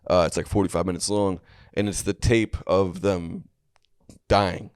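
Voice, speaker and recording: A young man telling a story on a comedy podcast, rambling along with many fillers and restarts. His voice sits low. It is recorded dry and close on a podcast mic. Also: steady tone, measured pace, clear, resonant tone, dry recording.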